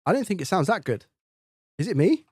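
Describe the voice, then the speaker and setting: A man's voice: high-pitched, sing-song, fairly quick, a little mellow, breathy edge, dry recording. A man hosting a live stream in casual chat, thinking aloud and testing his microphone up close with repeated checks. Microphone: studio dynamic mic, close up.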